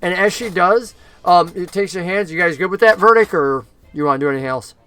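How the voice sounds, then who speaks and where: A man narrating a tabletop role-playing game as game master, talking in a lively way and jumping into character voices. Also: high-pitched, brisk, clear, resonant tone, faint music behind.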